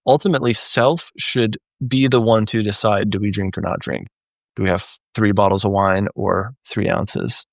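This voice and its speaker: A man's voice: lowish voice, steady tone, normal speed, creaky, no echo. A man, a therapist and trainer, teaching in a live Q&A in a conversational way and often checking in with "right?".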